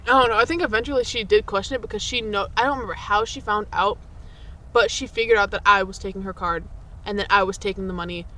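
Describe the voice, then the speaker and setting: A young woman co-hosting a podcast, telling childhood stories in casual chat, swearing freely and jumping up in pitch when she quotes people. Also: quick pace, sharp tone. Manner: swearing, laughing, jumps high for quoted voices. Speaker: podcast co-host.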